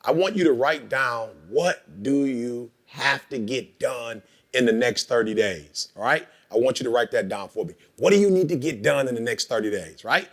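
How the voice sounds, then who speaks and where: A man on a conference stage giving brisk, directive instructions to the audience and often checking in with "all right". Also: medium pitch, animated. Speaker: motivational conference speaker. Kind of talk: interactive workshop talk.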